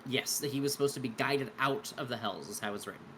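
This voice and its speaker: A man's voice: mid-range voice, fast, a bit bright, a little hiss or hum, natural voice. A man voicing an aggrieved male devil who insists his contract was broken, with a put-on Southern US accent. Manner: insistent, formal complaint.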